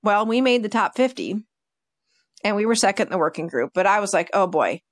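A woman dog trainer telling stories in a casual podcast chat, animated and full of fillers. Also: mid-range voice, fairly quick, no room sound, clean studio sound. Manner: chatty, animated, with many fillers like "like" and "you know".

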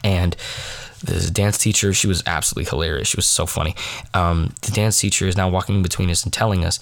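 A man's voice: sits low, fairly even intonation, quick pace, gravelly. A young man hosting his own podcast, telling a story in a rambling, self-mocking way, full of filler words and a little sniffly. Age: young adult. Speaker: podcast host. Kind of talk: casual late-night storytelling monologue.

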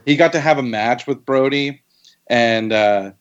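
A man with a mid-pitched voice talks casually as a podcast guest. He keeps things loose and drops "like" often. The audio is muffled and lo-fi. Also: a little slow, clean tone. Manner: relaxed, filler-heavy with lots of "like". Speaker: guest, docuseries co-creator.

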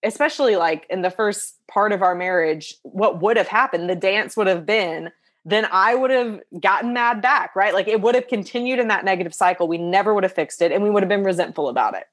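A woman guest on a podcast, telling an everyday story in an animated, expressive way and laughing often. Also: mid-range voice, brisk. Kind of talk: casual conversational storytelling.

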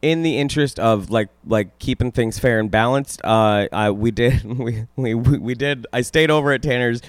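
A young man co-hosting a podcast, talking casually in a laid-back way, laughing often and pausing with fillers. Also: medium pitch, no echo, clean studio sound. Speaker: podcast co-host. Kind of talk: casual chat.

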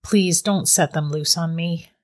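A woman's voice: on the low side, steady tone, unhurried, lightly acted. A woman voicing a frightened young man in shock, pleading desperately in a storybook reading. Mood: panicked.

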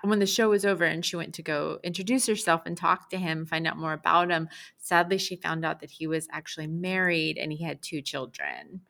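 Lower-voiced woman telling a story. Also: a little fast, vocal fry. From Long Island, New York. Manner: animated storyteller, laughs and puts on voices. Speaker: podcast co-host. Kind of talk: casual storytelling chat.

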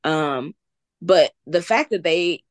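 A woman with a fairly low voice tells her story in an earnest, encouraging tone, her faith running through her words. The recording is dry and close, with no room sound. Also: expressive, slow pace, no room sound. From American South. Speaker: entrepreneur guest. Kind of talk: casual interview chat.

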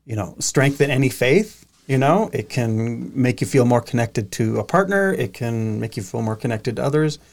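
A man's voice: mid-range voice, expressive, normal speed, gravelly, hardly any pauses, darkish tone. A man hosting a podcast, talking in a casual, earnest and reflective way. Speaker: podcast host. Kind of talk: casual conversation.

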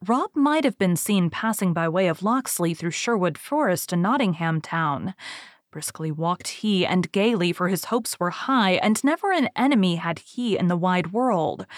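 A woman narrates a storybook in a measured, expressive reading. Her voice sits on the low side, and the recording is close and dry with no room sound. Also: no room sound. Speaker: audiobook narrator.

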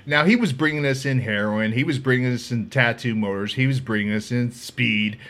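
A man hosting a podcast, telling comedic stories in a loud, profane, laughing way. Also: mid-range voice, brisk. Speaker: podcast host. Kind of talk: comedic storytelling.

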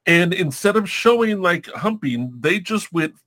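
A man's voice: high-pitched, expressive, measured pace, fairly bright tone. A man reviewing a movie in casual chat, rambling, laughing often and acting out scenes.

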